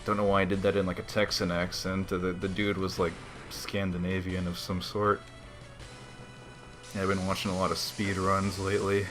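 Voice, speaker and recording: A man's voice: low voice, monotone, moderate pace, fairly bright tone, faint music behind. A man giving laid-back, slangy commentary while playing a video game and chatting to his viewers. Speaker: let's play host. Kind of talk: casual gaming commentary.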